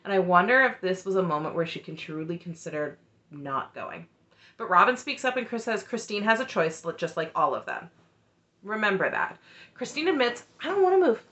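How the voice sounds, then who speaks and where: A woman's voice: on the low side, moderate pace, dull audio. A woman recapping a reality show in a casual, opinionated way, with candid commentary and frequent asides. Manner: candid and animated, talks through her frustration with frequent asides.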